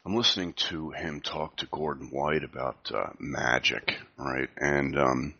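A man in his fifties with a cold, talking softly and rambling with many fillers in a casual podcast chat over a video call. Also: very deep voice, steady tone, a little slow, creaky, muffled recording. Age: 50s. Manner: speaking softly, half whispering. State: has a cold. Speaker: podcast co-host.

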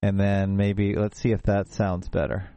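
Low, mellow-voiced man hosting. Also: completely flat delivery, smooth, no room sound. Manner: halting, restarts often. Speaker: show host. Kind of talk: casual online call. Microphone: video call.

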